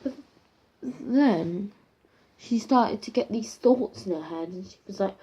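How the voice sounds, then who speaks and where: A woman's voice: mid-range voice, slow, warm tone, husky. A woman improvising a spooky story in a rambling, casual way, full of fillers and restarts, on a dull lo-fi home recording.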